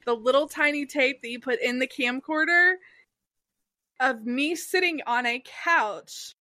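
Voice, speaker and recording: A woman's voice: high-pitched, unhurried, bright, forceful tone, dry recording. A woman co-hosting a podcast in casual chat, sarcastic and chatty with lots of filler words. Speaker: podcast co-host. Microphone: podcast mic.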